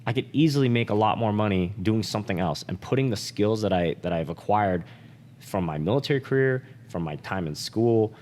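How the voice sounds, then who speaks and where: A man's voice: lowish voice, lively intonation, a little fast, a little mellow, long reverb tail, slight background noise. A man co-hosting a podcast, talking candidly and emotionally with lots of "like" fillers and swearing. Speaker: podcast co-host.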